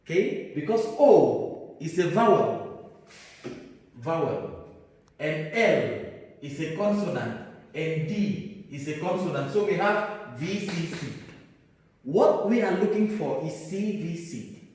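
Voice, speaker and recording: A man's voice: fairly high pitch, animated, a little mellow. A man teaching an English grammar lesson, repeating words and answering his own questions. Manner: slow, repetitive, asks and answers own questions. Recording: echoey hall, mic far off.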